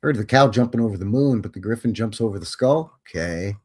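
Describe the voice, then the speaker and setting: A man's voice: lowish voice, expressive, brisk, a little mellow, slightly rough. A man hosting a live show who comments casually on photos, with a wry and joking manner that turns easily to amazement. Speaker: host.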